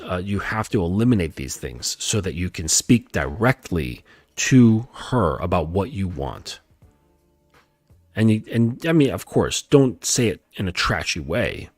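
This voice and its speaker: Man, dating coach, lowish voice, swooping intonation, calm and emphatic, dry close sound. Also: no room sound. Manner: calm, emphatic, repeats himself, often adds "okay?". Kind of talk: lecture-style coaching talk.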